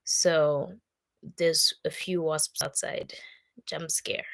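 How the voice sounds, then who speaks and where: Young woman, casual vlog to her future self; emotional, teary, chatty, slightly low voice. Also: level tone, very slow, gravelly. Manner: emotional, teary, chatty, with laughs and sudden loud bursts. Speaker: vlogger.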